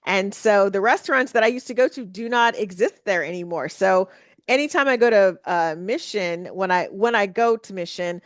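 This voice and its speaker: Woman podcaster just chatting, lots of um and like, mid pitch, dry room. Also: normal speed, no echo. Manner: rambling, many fillers and restarts. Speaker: podcast host. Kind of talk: casual solo podcast chat.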